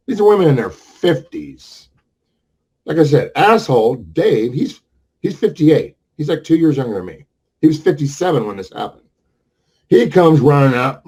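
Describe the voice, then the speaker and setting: A man's voice: a little high, darkish tone, slightly rough. A man in his sixties telling a rambling, heated story with lots of swearing, talking casually to a camera. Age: 60s. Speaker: vlogger.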